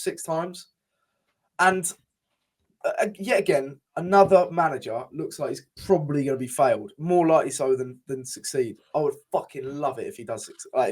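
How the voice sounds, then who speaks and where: A young man with a slightly high, slightly mellow voice co-hosts a relaxed podcast conversation. Frustration and passion drive his talk, which is full of profanity and repeated sentence restarts.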